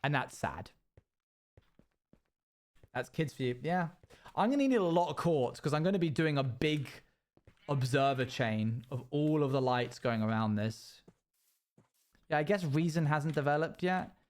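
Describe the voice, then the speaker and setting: Young man, streamer, slightly higher voice, casual rambling story, close mic. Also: unhurried, pauses often. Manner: rambling, animated, sound-effect noises. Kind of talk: casual storytelling while gaming.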